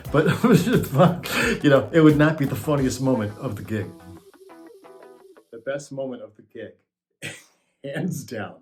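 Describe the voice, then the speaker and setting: A man who worked as a monitor technician, telling backstage stories casually, laughing often and swearing freely. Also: medium pitch. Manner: laughs often, profane, animated retelling. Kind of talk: casual storytelling.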